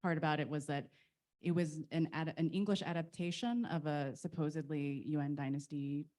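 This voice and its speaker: A woman's voice: sits low, steady tone, moderate pace, warm tone. A woman speaking as an author on a panel, explaining her point conversationally and quoting others. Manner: explains with quoted voices, conversational. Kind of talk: panel discussion.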